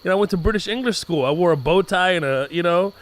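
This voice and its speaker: A man's voice: high-pitched, fast talker. A man who grew up in Kuwait, telling comic stories as a podcast guest, laughing and acting out the people in them. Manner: animated, laughs through stories, acts out voices. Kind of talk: comic storytelling in casual chat.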